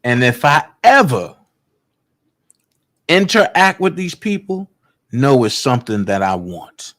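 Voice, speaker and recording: A man's voice: mid-range voice, very animated, slow pace, a bit bright. Emphatic man streaming commentary. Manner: emphatic, repeats points to drive them home; confrontational, talks straight to viewers. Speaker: online commentator. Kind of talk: casual livestream commentary.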